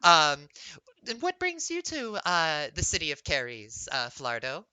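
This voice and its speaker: A man's voice: a little high, huge pitch swings, measured pace, bright, forceful tone, clean tone, no echo, exaggerated voice, low-quality recording. Man doing a stuttering bird-woman mimic. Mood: coy. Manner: stutters and repeats words like a mimic. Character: flirty female bird-person bard, mimic.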